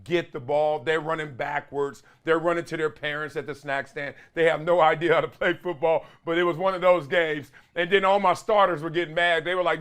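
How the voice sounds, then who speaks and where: A man hosting his own show, telling family stories in a casual, animated way full of slang and loud exclamations. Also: fairly high pitch, fairly quick, few pauses, smooth. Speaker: show host; father and youth coach. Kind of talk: casual solo talk-show monologue.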